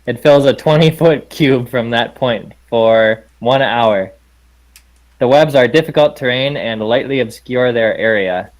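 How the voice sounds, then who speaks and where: A man taking his turn in a tabletop game, speaking in a middle-pitched voice. He hesitates and reads rules out loud, correcting himself along the way. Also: a little slow, rough recording. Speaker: player. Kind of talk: casual tabletop play.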